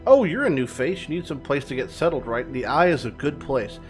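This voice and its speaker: A man's voice: mid-range voice, very animated, a little fast, faint music behind, close to an everyday voice. A man reading as a flirty tavern woman. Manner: teasing, playful reading.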